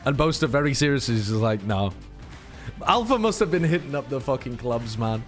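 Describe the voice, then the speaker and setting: An Englishman co-hosting a watch party, talking in quick, sweary banter. His pitch swings around a lot as he jokes, sitting at a middle height for a man. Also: animated, faint music behind. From Britain. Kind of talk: casual chat.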